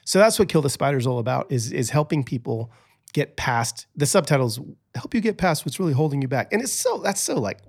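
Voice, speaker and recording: A man who is a podcast guest, telling stories in a chatty, animated way with many restarts. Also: medium pitch, a little fast, creaky. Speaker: podcast guest, author and speaker. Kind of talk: casual storytelling interview.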